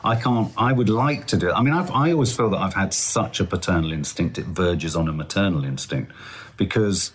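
Husky man with a lively voice. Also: sits low, a little fast. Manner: reflective, hedging, playful. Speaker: podcast co-host. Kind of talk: casual chat.

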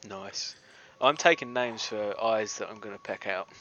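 A man's voice: fairly low pitch, a little slow, bright, forceful tone. A man playing in a tabletop game, chatting casually and making offhand jokes. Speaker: player. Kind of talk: casual chat. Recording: dull lo-fi audio with clear music behind.

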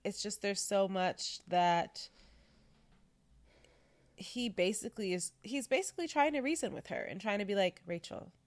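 A woman co-hosting a podcast in casual chat. She rambles and hesitates, restarting her sentences often, at a medium pitch. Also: moderate pace, pauses often, no echo. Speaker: podcast co-host.

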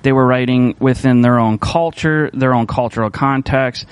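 A man's voice: mid-range voice, moderate pace, clean tone, dry recording. A man, a church pastor, giving a sermon in a loose, conversational way, full of restarts and fillers. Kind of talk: casual sermon talk.

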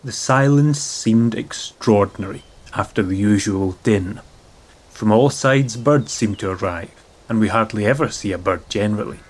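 A man voicing a British officer of the First World War, reading his letter home aloud in a low, measured voice that moves along at a steady clip. The delivery stays plain and reflective rather than theatrical. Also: close to an everyday voice.

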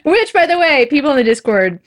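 A woman's voice: sits high, sing-song, a little fast. Woman podcast co-host, middle-aged, casual and giggly, stumbles through sentences good-naturedly. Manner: laughs often, chatty, restarts playfully. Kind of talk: casual chat.

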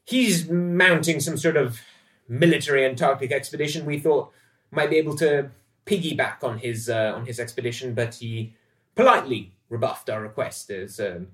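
A man voicing a rakish, boastful gentleman who flirts and drops names, in a tabletop game. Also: mid-range voice, moderate pace, pitched above the performer's own voice, close to an everyday voice. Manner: pompous name-dropping swagger. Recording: echoey and distant from the mic.

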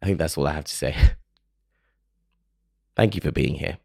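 Podcast host, male, very low gravelly voice, earnest solo reflection, dry close sound. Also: moderate pace, mellow, dry recording. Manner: earnest, emotional, self-questioning.

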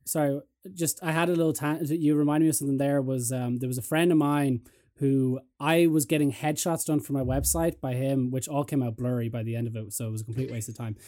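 A man hosting a podcast in casual chat, telling stories in a lively way and mimicking other people's voices. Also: medium pitch, brisk. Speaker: podcast host.

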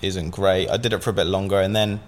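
A man's voice: low voice, steady tone, fast talker. A man from Southampton, telling a long story as a podcast guest in a casual, rambling way, full of fillers and swearing. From Southampton, England.

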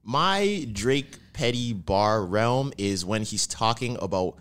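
A man's voice: fairly low pitch, animated, takes it slowly, fairly bright tone, clear, resonant tone. A man co-hosting a podcast in casual chat, laid-back with short replies. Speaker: podcast co-host.

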